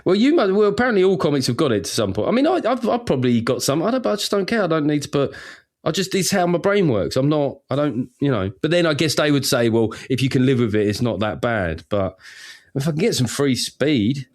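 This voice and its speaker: A man's voice: on the high side, sing-song, fast talker. A man hosting a podcast in casual comedic chat, dry and rambling, often restarting his sentences. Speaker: podcast host.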